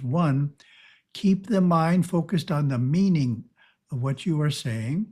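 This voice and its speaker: A man giving a calm, measured spiritual teaching talk over a video call. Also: fairly high pitch, husky.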